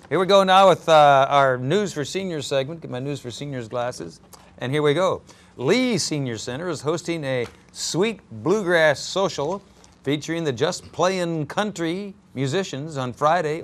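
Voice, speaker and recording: A man's voice: a little high, unhurried, fairly bright tone. Upbeat man hosting local news. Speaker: news show host. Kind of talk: casual news segment hosting.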